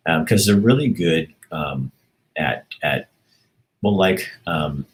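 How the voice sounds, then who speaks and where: A man's voice: rumbling low, expressive, takes it slowly. A man hosting a livestream, chatting casually and reading out viewer comments, often rambling and breaking off mid-sentence with laughs. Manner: rambling and self-interrupting, with laughs. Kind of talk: casual chat.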